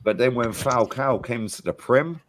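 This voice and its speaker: A man who joins a casual football fan chat and tells animated stories, acting out what other people say. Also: medium pitch, normal speed, a little hiss or hum. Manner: animated storyteller, acts out others' lines. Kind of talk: casual group chat on a livestream.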